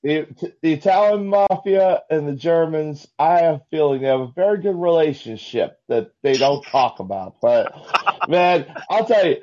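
Halting male caller on a dull line. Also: a little high, animated, a little mellow. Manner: halting, many restarts, jokey. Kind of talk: casual call-in chat.

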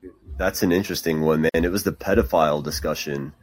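A man's voice: extremely low pitch, fast talker, dry recording. A young man chatting casually on a podcast call, rambling with lots of fillers. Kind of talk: casual chat.

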